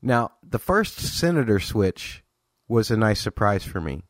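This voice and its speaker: Guy with a real deep voice ranting about a tv episode, talks in bursts, fixes his own words. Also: big pitch swings, measured pace, dry recording, clean studio sound. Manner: chatty, self-correcting, exasperated asides. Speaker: podcast host. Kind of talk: casual TV episode review.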